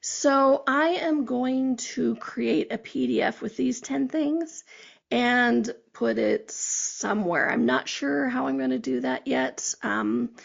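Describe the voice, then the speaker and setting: A woman's voice: on the high side, gravelly, breathy edge, dull audio. A woman hosting a podcast, giving chatty, encouraging advice in a casual talk with frequent check-ins. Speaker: podcast host.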